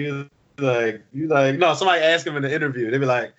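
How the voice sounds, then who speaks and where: A man co-hosting a casual podcast chat, animated and laughing, often acting out voices. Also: medium pitch, a little fast. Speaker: podcast co-host. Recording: lo-fi sound.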